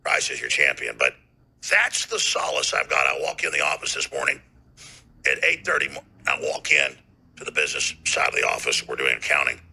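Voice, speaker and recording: A man hosting a talk radio show, delivering a heated, ranting monologue with bursts of shouting. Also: rumbling low, huge pitch swings, brisk, vocal fry, breathy edge.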